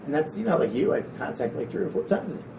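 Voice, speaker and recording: Gravelly man speaking in an echoey room. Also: on the high side, fast talker, recorded from a distance. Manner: rambling, energetic, frank and casual with some swearing. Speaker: motivational speaker. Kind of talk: motivational talk to a live audience. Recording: echoey room, speaker away from the mic, faint noise.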